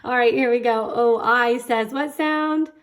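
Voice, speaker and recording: A woman's voice: a little high, unhurried. A woman teacher giving a remote reading lesson to young children, patiently sounding out letters and praising her students.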